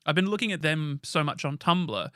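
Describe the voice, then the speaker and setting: Host: man, fairly high, bright and forceful tone, tumbling excitable delivery, dry close sound. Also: normal speed, smooth, dry recording. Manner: excitable, rambling, swears casually. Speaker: podcast co-host. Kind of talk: casual chat.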